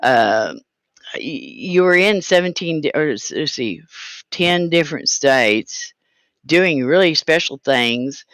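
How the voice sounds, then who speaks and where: A man's voice: fairly high pitch, expressive, slow pace, a bit bright, no room sound. A middle-aged father telling a story in a casual chat, blunt and firm, swearing as he quotes himself. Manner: blunt, firm, swearing, quotes his own stern words. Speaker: co-host, parent of the other host.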